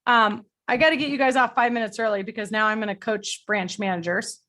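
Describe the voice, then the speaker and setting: A middle-aged woman leading a group coaching call, energetic and blunt, motivational, with casual swearing. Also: a little high, brisk. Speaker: sales coach.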